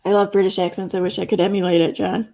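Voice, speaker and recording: A middle-aged woman speaks as she hosts a relaxed live stream. She reads viewer comments aloud and chats about them, laughing often. Her voice has a gravelly fry at a middling pitch. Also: quick pace. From Central New York. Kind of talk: casual live stream chat reading comments.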